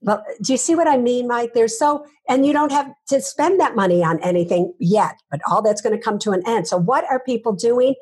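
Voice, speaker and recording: A woman speaking as a guest author in an interview, her voice soft and breathy. She talks emphatically, stressing points with rhetorical questions and repeating herself as she goes. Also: a little high, fairly quick, few pauses. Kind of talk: interview answers.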